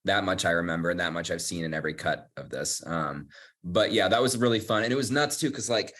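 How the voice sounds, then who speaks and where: A man's voice: low-pitched, fast, a bit bright. A man, an actor, recalling a shoot in a laid-back way and laughing easily during a casual video-call Q&A.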